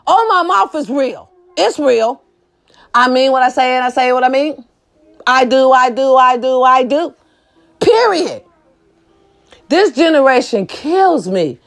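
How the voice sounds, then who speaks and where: A woman ranting to camera, blunt and profane, firing rhetorical questions and swinging between shouting and low muttered asides. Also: lively intonation, unhurried, long pauses. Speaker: social media commentator. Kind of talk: impassioned rant to camera.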